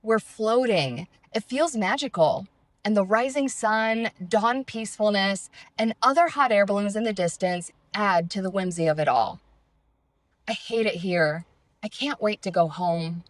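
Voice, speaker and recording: A woman reading her own travel memoir aloud in a calm, reflective, measured way. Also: medium pitch, dry recording. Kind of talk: first-person memoir reading.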